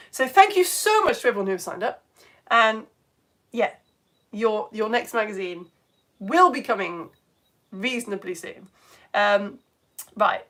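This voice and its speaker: A woman's voice: medium pitch, fairly bright tone. A British woman presenting a live science lesson for children, gushing and exclamatory as she reads out viewers' comments. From United Kingdom. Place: home studio.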